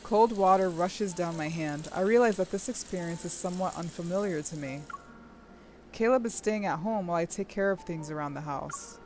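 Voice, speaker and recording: A young woman streaming, reading a game's story aloud and breaking off into gushing, excitable commentary with squeals and laughter. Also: on the low side, moderate pace, a little hiss or hum.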